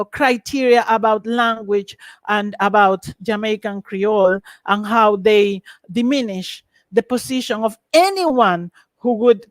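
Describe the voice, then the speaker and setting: A woman lecturing in an online academic webinar, lively and emphatic, over a video call. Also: mid-range voice, no room sound.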